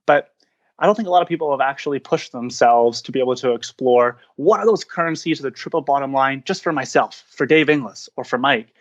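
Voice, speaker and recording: A man talks through ideas in an earnest, searching way, circling back and restarting his sentences. His pitch sits in an ordinary middle range. The audio is a little dull and lo-fi. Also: brisk. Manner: earnest, searching phrasing with frequent restarts and fillers. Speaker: podcast guest, founder of a coaching practice. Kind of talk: reflective interview talk.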